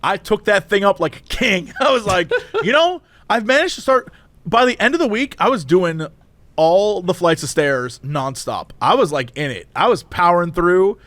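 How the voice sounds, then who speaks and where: Animated high-voiced man telling stories. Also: normal speed, no room sound. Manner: animated, acts out both sides of stories with high and low voices. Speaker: podcast co-host. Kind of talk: casual storytelling chat.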